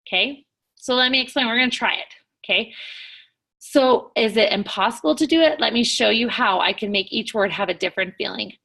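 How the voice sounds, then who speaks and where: A woman teacher recording a lesson, talking clearly and stressing words as she reads examples aloud. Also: a little high, brisk, pushed and bright.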